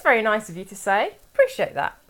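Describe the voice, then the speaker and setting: A woman's voice: mid-range voice, sing-song, fast, fairly bright tone. A woman from England chatting casually on a live stream from home, rambling and reading chat aloud.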